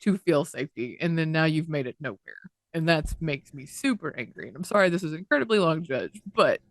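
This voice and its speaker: A woman's voice: sits low, animated, a little fast, no echo, clean studio sound. A woman co-hosting a podcast in casual chat, talking indignantly at length and swearing freely. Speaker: podcast co-host.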